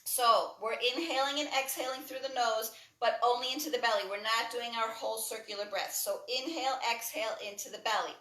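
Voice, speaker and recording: A woman instructor leading a breathwork and movement class, giving calm, encouraging cues while she moves along. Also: on the high side, a little fast, hardly any pauses. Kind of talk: guided exercise instruction. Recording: echoey room, voice from far off the mic.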